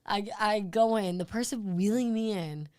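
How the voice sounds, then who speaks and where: A woman guest on a podcast, telling a story in a casual, animated way, swearing and acting out the people in it. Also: medium pitch, moderate pace, clean tone. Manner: animated, profane, acts out others in the story.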